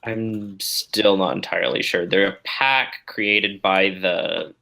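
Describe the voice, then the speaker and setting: A man playing his character in a tabletop game, calm, measured and terse. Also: low voice, creaky. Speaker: player. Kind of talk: in-character role-play.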